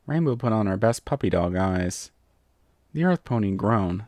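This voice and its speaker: Male narrator, animated storybook reading, dry close mic, lively pitch. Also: normal speed, no echo. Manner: expressive, playful. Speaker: story reader.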